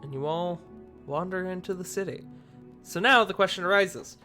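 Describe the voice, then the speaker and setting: A man narrating as the game master of a tabletop game, easygoing and quick to laugh. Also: sits high, sharp tone, faint music behind.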